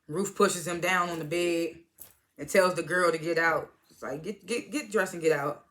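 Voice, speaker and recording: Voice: mid-range voice, normal speed, sharp tone. A speaker casually recapping a TV episode, retelling scenes as quoted dialogue, swearing freely and chuckling along. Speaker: TV episode reviewer.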